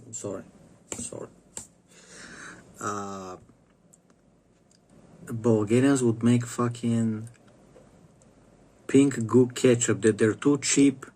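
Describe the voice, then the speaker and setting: A man's voice: medium pitch, husky. A man ranting to camera in a rambling, stop-start way, swearing constantly. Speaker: vlogger. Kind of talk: profane ranting monologue to camera.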